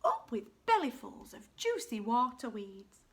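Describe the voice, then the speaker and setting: A woman's voice: extremely high pitch, very animated, unhurried, sharp tone, pitched above the performer's own voice, exaggerated voice. A woman voicing a friendly herd of duck-billed dinosaurs in a storybook. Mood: cheerful.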